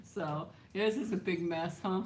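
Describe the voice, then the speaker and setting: A woman's voice: lowish voice, moderate pace, a little mellow, slight background noise. A woman hosting a casual livestream, chatting and answering viewer comments, laughing often and trailing off with "so". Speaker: livestream host. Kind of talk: casual live chat reading viewer comments.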